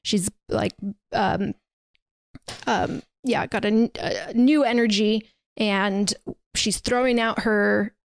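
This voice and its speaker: A woman's voice: mid-range voice, fairly even intonation, slow, creaky. A woman podcast co-host recapping in casual chat, rambling and full of fillers like "like" and "um". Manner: rambling, filler-heavy storytelling with lots of "like" and "um". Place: podcast recording setup.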